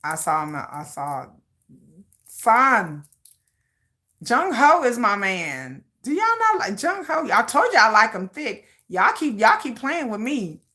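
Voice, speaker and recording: Animated, bright-voiced woman livestream host. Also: fairly high pitch, slow pace. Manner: animated, laughing, reacting to viewer comments; dramatic, playful ranting. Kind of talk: casual livestream chat.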